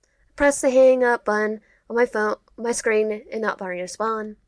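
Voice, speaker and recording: A woman's voice: a little high, steady tone, normal speed, dry recording, studio quality. Young woman reading a game aloud. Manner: reads game text aloud, often stumbling and restarting words; quips between lines of the game. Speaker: gaming YouTuber. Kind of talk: let's play of a visual novel, reading dialogue aloud with asides.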